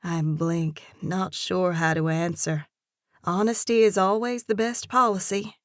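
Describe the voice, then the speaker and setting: A woman narrating a first-person romance audiobook with an expressive, lively character reading. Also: fairly low pitch, unhurried, no echo, clean studio sound.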